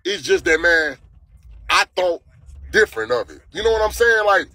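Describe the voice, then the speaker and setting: A man telling a story on a casual livestream, animated and profane, repeating his phrases. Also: high voice, a little fast, breathy edge, dry recording, faint music behind.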